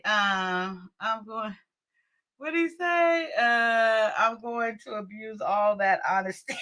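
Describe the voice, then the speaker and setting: A woman's voice: fairly high pitch, sharp tone. A woman hosting a casual livestream, chatting with viewers and laughing often. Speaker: livestream host.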